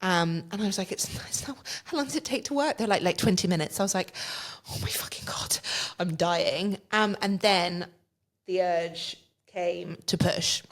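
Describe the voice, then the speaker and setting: A woman with a fairly low-pitched voice tells her story in a relaxed, casual way. She brings scenes to life by acting out the other people's lines, and she swears without a second thought. It sounds like an easy podcast conversation. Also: normal speed. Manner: vivid, swears freely, acts out quoted dialogue. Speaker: podcast guest.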